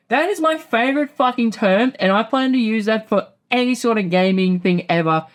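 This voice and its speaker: A man with a high voice recaps loosely as host. He rambles, swears freely and slips into quick acted-out quotes. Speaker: podcast host. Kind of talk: casual profane recap.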